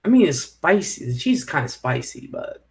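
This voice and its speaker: A man's voice: fairly high pitch, sing-song, moderate pace, gravelly. A middle-aged man, hosting a casual live stream and chatting with viewers in a rambling way, swearing when annoyed. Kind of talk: casual live chat reading viewer comments.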